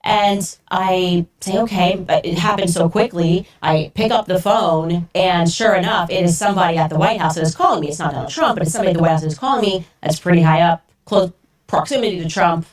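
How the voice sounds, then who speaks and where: A woman podcaster telling a story in an animated, incredulous way, acting out the voices she quotes. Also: fairly low pitch, a little fast, distant mic. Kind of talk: storytelling monologue.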